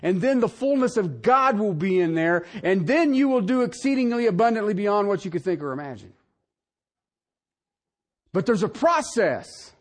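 A middle-aged male pastor preaching a sermon, swinging from soft asides to shouted emphasis. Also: high-pitched.

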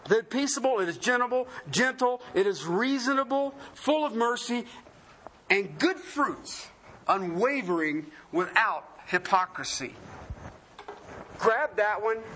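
A man's voice: very high voice, a bit bright, slight background noise. A man preaching a sermon in a folksy, joking way, often asking the congregation questions.

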